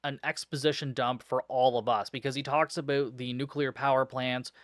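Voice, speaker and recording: A man's voice: medium pitch, little pitch movement, normal speed, no room sound. A man with a mid-range voice rants through a movie recap, sarcastic and fed up, with profanity in nearly every sentence. His voice sits dry and close, with no room sound around it. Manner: exasperated, sarcastic, swears constantly. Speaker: podcast host reviewing a film.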